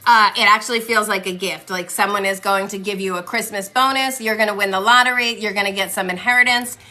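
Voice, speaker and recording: A woman in her forties gives chatty, reassuring tarot readings on a livestream from home, addressing viewers by name. Her medium-pitched voice is bright and forceful, captured on a phone.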